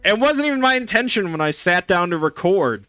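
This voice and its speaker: A young man rambles through a casual stream chat with a sarcastic edge, tripping over fillers and restarts. His voice is bright and crisp, recorded close and dry, with faint music underneath. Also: sits high, sing-song, brisk, no echo. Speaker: streamer hosting a gaming chat show.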